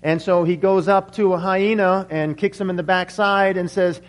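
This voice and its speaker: A man's voice: high-pitched, steady tone, moderate pace. A man preaching a sermon as pastor, praying and speaking earnestly with frequent restarts.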